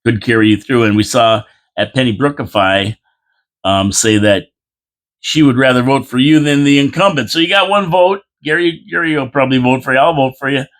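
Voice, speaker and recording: A man's voice: medium pitch, fairly quick, fairly bright tone. A man hosting a casual local politics show, rambling and chatty, repeating phrases and reading out viewer comments with mock-indignant asides.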